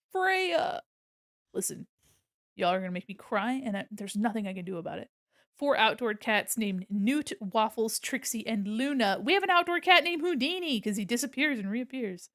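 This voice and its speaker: Woman, streamer, casual chat, giggly and gushing, laughs a lot, mid-pitched voice, dry close sound. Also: a bit bright, no room sound. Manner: giggly, chatty, breaks into laughter often; gushing and affectionate. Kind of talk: casual livestream chat while drawing.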